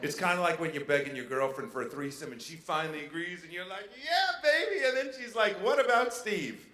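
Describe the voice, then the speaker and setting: A brash male stand-up comic with a fairly high, bright, punchy voice, talking into a handheld mic. The sound is echoey, as from a big showroom, with a faint room ambience underneath. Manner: brash, animated, jumping into quick voices. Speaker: stand-up comedian. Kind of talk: stand-up comedy set. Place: casino showroom stage.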